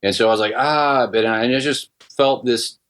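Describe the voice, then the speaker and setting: A middle-aged man telling a personal story in casual podcast talk, halting with many restarts and fillers. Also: mid-range voice, a bit bright. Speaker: guest musician.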